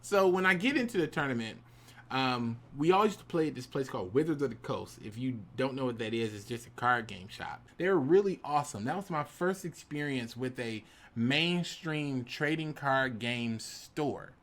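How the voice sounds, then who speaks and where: Animated man telling a story. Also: medium pitch, normal speed. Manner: animated, switches into dramatic voices for quotes. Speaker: YouTube storyteller.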